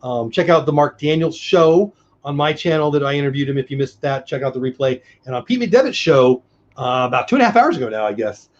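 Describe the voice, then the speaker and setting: A man co-hosting a live online show, chatting casually and thanking viewers by name, his voice going hoarse. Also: mid-range voice, expressive, a little fast. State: losing his voice. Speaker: livestream co-host. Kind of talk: casual live-stream chat. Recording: dull lo-fi stream audio.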